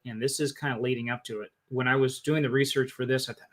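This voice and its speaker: A man's voice: mid-range voice, fairly even intonation, quick pace, a bit bright. A man hosting a live-stream film discussion, thinking aloud and often restarting his sentences. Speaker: host.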